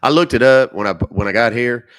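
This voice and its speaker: A man's voice: mid-range voice, brisk, a bit bright. A middle-aged man hosting a casual live stream, loose and joking, swearing freely, coughing and sniffling now and then. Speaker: livestream host baiting scammers.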